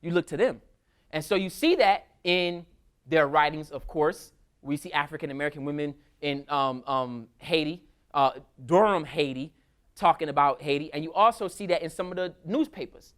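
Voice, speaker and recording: A man giving a casual history lecture at a school, telling stories in a lively, colloquial way. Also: on the high side, moderate pace, clean tone. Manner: animated, colloquial storytelling. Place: school hall with audience.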